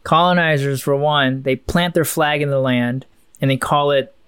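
A man's voice: mid-range voice, steady tone, normal speed, fairly bright tone, clean tone, no room sound, clean studio sound. A man co-hosting a casual podcast, thinking aloud in a musing, rambling way with many restarts. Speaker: podcast co-host.

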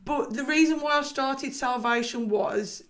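This is a woman with a Scouse accent, talking casually as a guest on a podcast. Her voice sits a little on the high side, and her speech is loose and rambling, full of fillers and quick laughs. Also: fairly bright tone. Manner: chatty, lots of "like" fillers, laughs often. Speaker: guest, personal trainer and business owner.

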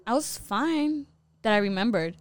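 A woman's voice: a little high, lively intonation, normal speed. A young woman, a podcast guest, telling a personal story in a candid, casual way, swearing freely and filling her speech with "like".

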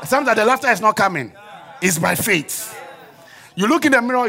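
Man preaching in church, bright voice, a bit high, calls out to the crowd and laughs on cue. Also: expressive, a little fast. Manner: call-and-response preaching, forced laughing. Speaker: prophet preaching to a congregation. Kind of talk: sermon.

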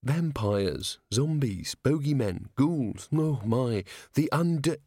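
A steady young woman of the city watch, voiced by a male reader close to his own voice. She speaks plainly and matter-of-factly. The audio is dry and close. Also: medium pitch, slow pace, husky, no room sound, exaggerated voice. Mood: firm. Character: steady young female watch officer, blunt. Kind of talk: audiobook character voice.

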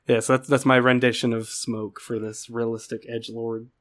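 A man's voice: medium pitch, level tone, moderate pace. A man co-hosting a podcast in casual chat, joking and swearing loosely. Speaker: podcast co-host.

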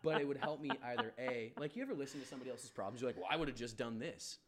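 A man's voice: lively intonation, very fast, a loud crowd. A man, a podcast guest, talking casually and candidly, swearing freely, rambling with restarts and bursting into laughter. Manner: laughs often, jumps up sharply in pitch when amused. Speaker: podcast guest, barbershop owner. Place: studio room, leaning against a wall.

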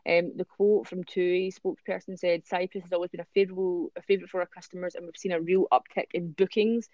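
A man's voice: high-pitched, little pitch movement, quick pace, a little mellow, no room sound, highs cut off. A Scottish man co-hosting a casual podcast, reading news stories aloud and ranting with swearing. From Scotland. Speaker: podcast co-host.

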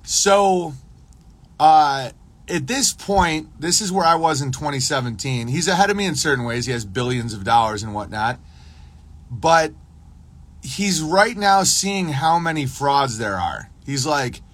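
Male podcast host, slightly high voice, rambling livestream monologue, acts out both sides of quoted exchanges. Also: lively intonation, measured pace, fairly bright tone, husky.

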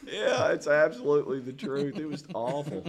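A man's voice: fairly high pitch, moderate pace, vocal fry, crowd noise. A man with a Southern US accent, co-hosting a casual podcast and telling stories with a lot of laughter. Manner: animated storytelling, laughs often. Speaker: podcast co-host. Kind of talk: casual chat.

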